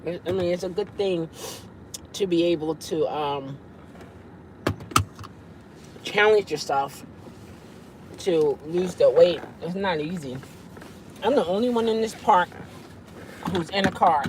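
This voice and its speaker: A woman hosting a casual live-stream chat from her parked car at night, with an animated, friendly way of talking. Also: on the low side, takes it slowly, long pauses, background noise. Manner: lively, greets viewers warmly with laughs. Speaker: livestream host chatting with viewers.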